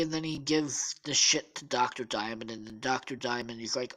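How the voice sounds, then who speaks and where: A woman's voice: extremely low pitch, moderate pace, a bit bright, low-quality recording. A tired woman hosting a podcast, improvising a rambling, profane story and correcting herself often. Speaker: podcast host.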